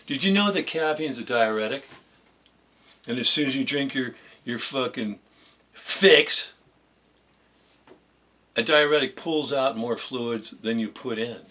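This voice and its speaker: Forceful, sarcastic ranting man. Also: a little high. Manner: profane, sarcastic, mocking. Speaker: vlogger. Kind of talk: ranting monologue to camera.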